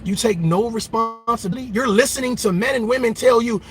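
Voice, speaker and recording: High-pitched, bright, heated man ranting. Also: brisk, faint music behind. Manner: loud, emphatic, mocking, repetitive. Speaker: reaction channel host. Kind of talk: heated reaction rant.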